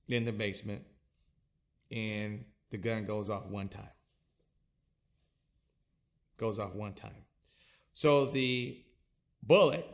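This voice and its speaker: Gravelly man telling his story haltingly. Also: mid-range voice. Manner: halting, repeats and restarts words. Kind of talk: personal storytelling.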